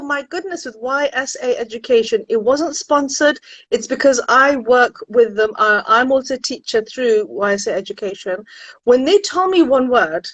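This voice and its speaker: A university admissions consultant chats animatedly with viewers on a live stream from her home, exclaiming often. Her voice is a little high and her pace normal, and the audio is poor but without echo.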